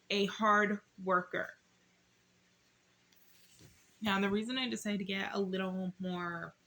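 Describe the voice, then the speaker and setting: A young woman talks through her Bible study at home in a loose, chatty way, reading passages aloud and then wandering off into her own thoughts. Her voice sounds a little hoarse, as if it is wearing thin. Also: fairly low pitch, slight background noise. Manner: chatty, rambling, reads verses aloud. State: slightly hoarse. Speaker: YouTuber doing Bible study. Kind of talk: casual Bible study vlog.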